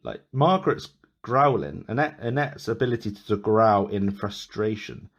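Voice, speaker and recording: Man, podcast host, lowish voice, casual rambling chat, lots of restarts. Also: expressive, moderate pace. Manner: rambling, with many restarts and laughs.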